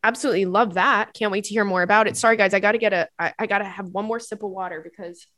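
A woman's voice: medium pitch, fairly even intonation, racing, a bit bright, no room sound. Young woman podcast host, chatty and sweary, dry close sound. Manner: candid, swears freely, chatty with asides. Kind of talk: casual advice chat.

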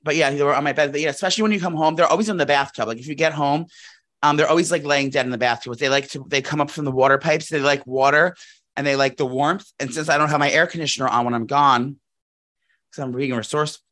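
A man co-hosts a podcast in loose, casual chat. His voice sits a little high for a man, and he rambles through stories with frequent fillers, restarts and casual swearing. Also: fairly even intonation, quick pace, fairly bright tone. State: out of breath. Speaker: podcast co-host. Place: New York apartment.

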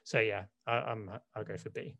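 A man co-hosting a casual podcast, hesitant and quick to change his mind. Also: on the low side, fairly even intonation, bright, forceful tone, no room sound. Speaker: podcast co-host. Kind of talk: casual chat.

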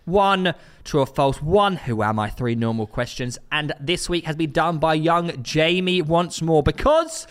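A man's voice: a little high, measured pace, hardly any pauses, a bit bright, clean tone. A man co-hosting a casual football podcast, reading out listener stories and running a quiz. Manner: reads listener stories and runs a quiz, laughing often. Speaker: podcast co-host.

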